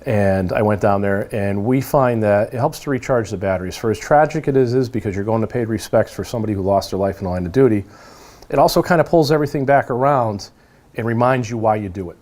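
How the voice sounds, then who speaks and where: Man, 40s, police officer, rapid talker, lowish voice, animated storyteller. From New England, United States. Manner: animated storyteller who acts out quoted lines. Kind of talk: casual storytelling interview.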